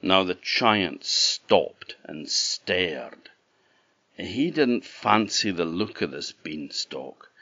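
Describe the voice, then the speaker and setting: A man from the Orkney Islands, telling a traditional fairy tale in an animated, conversational way with asides to the listener, on a dull, dry lo-fi recording. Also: low voice, drawn-out words, breathy edge, no room sound. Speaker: storyteller. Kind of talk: traditional oral storytelling.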